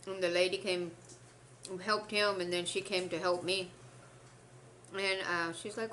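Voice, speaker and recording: A woman's voice: medium pitch, steady tone, moderate pace, long pauses, pushed and bright, slight background noise. A young woman, rambling through a story between bites on her eating show. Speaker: mukbang host. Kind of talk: casual eating-show chat.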